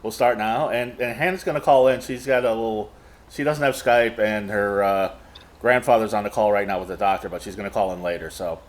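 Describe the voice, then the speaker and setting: A man's voice: fairly low pitch, brisk. A man hosting an interview podcast, easygoing and rambling, with many fillers. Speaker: podcast host.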